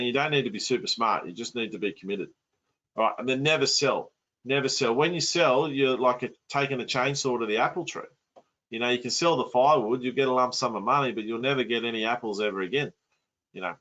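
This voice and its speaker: A man's voice: mid-range voice, a bit bright, highs cut off. Blunt man teaching a masterclass. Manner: blunt, punchy, colloquial. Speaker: property investment coach. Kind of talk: online masterclass presentation.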